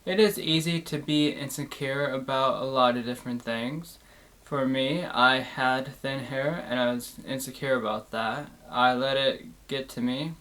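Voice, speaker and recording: A man's voice: medium pitch, a little slow, a bit bright. A young man hosting his own channel, talking through his experiences in an earnest, reflective, plain-spoken way. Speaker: host. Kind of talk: candid personal monologue.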